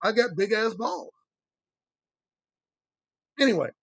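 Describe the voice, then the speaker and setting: A man's voice: animated, takes it slowly, vocal fry, breathy edge. A middle-aged male dating coach talking bluntly on a livestream, swearing freely and repeating his points for emphasis. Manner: mimics other men in a high voice when quoting. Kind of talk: livestream talk answering chat.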